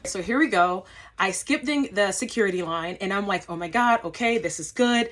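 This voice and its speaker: Woman, young adult, flight attendant, casual vlog storytelling, animated, acts out quotes, filler words. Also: mid-range voice, normal speed.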